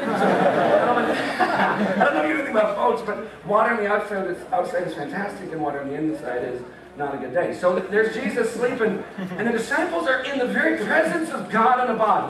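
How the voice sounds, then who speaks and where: A young American man preaching a campus sermon, playful and joking, laughing often and acting out voices. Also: sits high. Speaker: campus ministry speaker. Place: meeting hall with audience. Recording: echoey hall, mic far off, audience.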